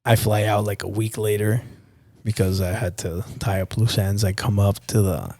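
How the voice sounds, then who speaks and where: A man's voice: on the low side, steady tone, moderate pace, mellow, no room sound, studio quality. A young man from Nicaragua, a podcast guest telling a personal story in a candid, profane, casual way. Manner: candid and profane, addresses host as dude and bro.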